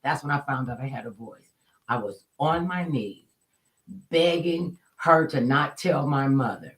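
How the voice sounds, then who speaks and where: Animated woman telling a personal story. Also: very deep voice, a little slow, rough recording. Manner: animated, colloquial, acts out quotes.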